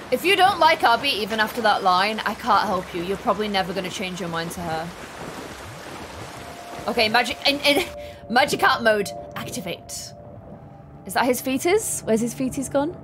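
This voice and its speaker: A young woman streaming a game live, excitable, panicking and rambling with her chat. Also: on the high side, normal speed, noisy background. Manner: excitable, shifts into loud panic and chatty rambling. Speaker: gaming streamer. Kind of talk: live let's play commentary.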